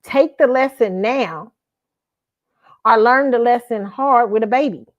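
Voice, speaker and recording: Woman, show host, AAVE, blunt, animated, fairly high-pitched, slightly muffled lo-fi sound. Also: unhurried. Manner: blunt, animated, swears, laughs often. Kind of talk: casual commentary monologue.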